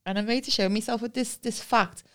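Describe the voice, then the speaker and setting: A woman with a Liverpool accent, co-hosting a podcast and telling lively stories in casual chat. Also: fairly high pitch, fast talker. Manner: animated storyteller who acts out voices. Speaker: podcast co-host.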